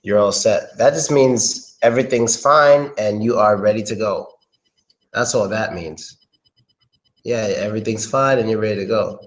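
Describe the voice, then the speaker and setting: American guy teaching english on a stream, kinda low voice, laid back, says stuff twice. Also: moderate pace, low-quality recording. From United States. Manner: relaxed, chatty, repeats phrases. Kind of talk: casual live-stream lesson.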